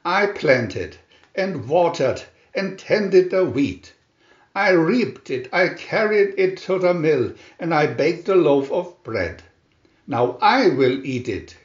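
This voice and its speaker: A man voicing a fussy, hardworking little hen who clucks high and insistent. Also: very animated, slow. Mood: indignant. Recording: roomy, dull lo-fi home recording.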